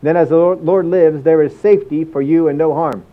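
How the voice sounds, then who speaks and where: Emphatic pastor, lo-fi sermon. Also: male voice, a little high, fairly even intonation, fairly quick. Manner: emphatic preaching with repeated phrases and acted inner thoughts.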